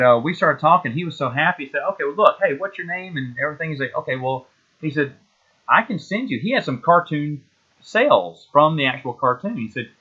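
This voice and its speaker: A man's voice: medium pitch, narrow, tinny audio. Rambling nostalgic man in his forties. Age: 40s. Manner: rambling, nostalgic, full of fillers and restarts. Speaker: podcast host. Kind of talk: casual solo chat.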